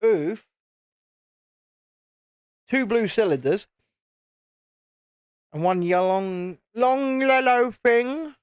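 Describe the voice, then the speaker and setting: A man's voice: sits high, very slow, long pauses, clean tone, no room sound, clean studio sound. A British man in his late thirties hosting a live stream, chatting casually while building, in a rambling, self-interrupting way. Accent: British English. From United Kingdom. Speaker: YouTube channel host.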